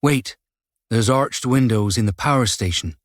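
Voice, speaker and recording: A male officer reports in hushed, matter-of-fact words over his radio, as an audiobook reader voices him. The sound is dry and close. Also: mid-range voice, measured pace, no echo, close to an everyday voice. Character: quiet male officer on a stakeout. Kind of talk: audiobook character voice.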